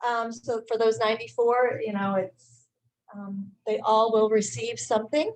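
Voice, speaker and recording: A middle-aged woman with a slightly high voice gives an informal talk at a club meeting. She speaks in a halting way, with frequent fillers and restarts. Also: steady tone, darkish tone, rough recording. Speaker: high school teacher and staff speaker.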